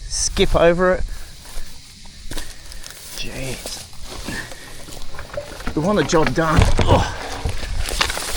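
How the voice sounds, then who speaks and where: A man's voice: fairly high pitch, very slow, pauses often, noisy background. A man with an Australian accent, a cycling vlogger chatting casually to viewers and himself while riding outdoors, full of exclamations and "mate". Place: rural bush trail, outdoors.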